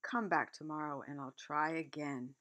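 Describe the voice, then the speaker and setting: A woman's voice: deep voice, steady tone, normal speed, fairly bright tone. A woman voicing a tired old male wizard who chants rhyming spells in a sing-song way. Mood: weary.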